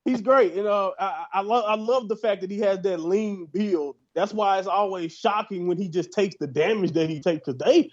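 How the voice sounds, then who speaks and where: A fairly high-voiced American man chats loosely on a podcast and keeps restarting his sentences while his thoughts catch up. The audio is dull and lo-fi. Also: normal speed, hardly any pauses. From United States. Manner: animated, rambling with many restarts. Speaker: podcast co-host. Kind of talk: casual chat.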